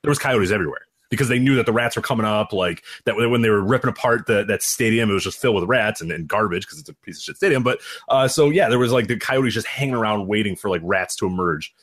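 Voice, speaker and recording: A man's voice: lowish voice, fast talker, few pauses, a bit bright. A man with a Chicago accent, co-hosting a podcast in casual, rambling chat full of restarts. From Chicago area. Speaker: podcast co-host.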